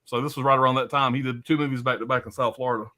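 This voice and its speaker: A man's voice: medium pitch, fairly even intonation, rapid-fire, pushed and bright. A man hosting a live stream, chatting casually about films in a loose, profane, rambling way full of fillers.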